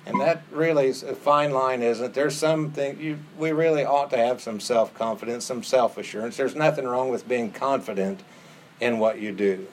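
A man's voice: medium pitch, moderate pace, darkish tone, a little hiss or hum. A man preaching a sermon in an earnest tone, acting out the quoted prayers with rising intensity. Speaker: pastor.

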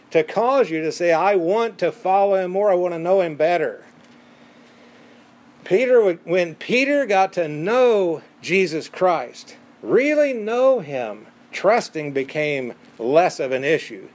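A man preaching a sermon in an emphatic, conversational way, repeating words for stress. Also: on the high side.

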